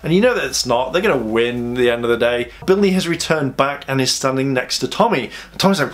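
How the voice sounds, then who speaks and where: A man's voice: medium pitch, expressive, a little fast, few pauses, fairly bright tone. A man reviewing a comic book in a casual vlog, retelling it in a rambling, enthusiastic way with many fillers.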